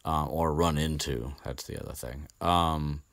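A man's voice: a bass voice, steady tone, a little slow, vocal fry, a bit bright, no echo. A man hosting a podcast, recapping a book in a rambling, chatty way and swearing casually. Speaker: podcast host.

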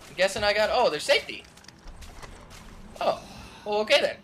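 A young man hosting a let's play, excitable and shouting trash talk at enemies. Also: high voice, moderate pace, a little hiss or hum. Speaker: gaming channel host. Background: game music and sound effects.

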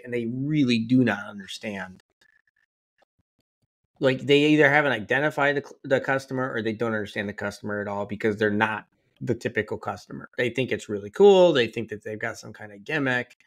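Male podcast host, mid pitch, talkative, jokey, easy laugh, casual business chat. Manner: talkative, joking, quick to laugh. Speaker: podcast host, company CEO.

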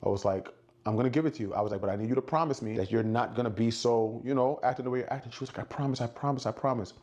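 A man's voice: very fast, mellow. Man telling a wild story. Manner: acts out quotes, shifts pitch for dialogue. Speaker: storyteller in a played clip. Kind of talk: animated storytelling.

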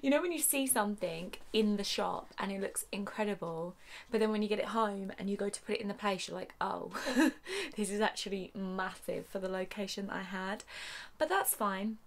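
Woman rambling to camera at home, laughs a lot, mid-pitched. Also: moderate pace. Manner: chatty, laughs often, swears casually. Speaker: vlogger and new mother. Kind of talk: casual vlog chat to camera. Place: at home, indoors.

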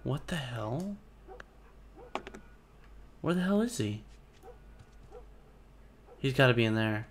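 A man giving live gameplay commentary, jokey and excitable, swearing often. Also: mid-range voice, takes it slowly, long pauses, a little hiss or hum. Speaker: gaming video host.

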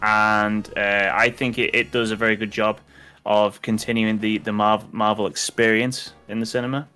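A man's voice: on the low side, little pitch movement, moderate pace, sharp tone, smooth, soft background music. A man from the UK chatting casually while playing a game, rambling with many fillers and restarts. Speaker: co-host. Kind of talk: casual chat over gameplay.

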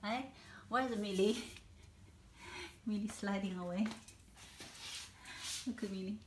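A woman's voice: medium pitch, slow, echoey room. A woman filming her puppies at home, coaxing and chatting to them in a sing-song way with frequent laughter. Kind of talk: casual home video chat, talking to puppies. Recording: home video with clear background noise.

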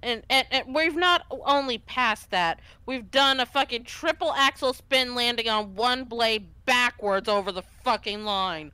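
Bright, sharp-edged woman ranting bluntly. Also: fairly high pitch, unhurried, few pauses, smooth, dry recording. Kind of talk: casual stream chat.

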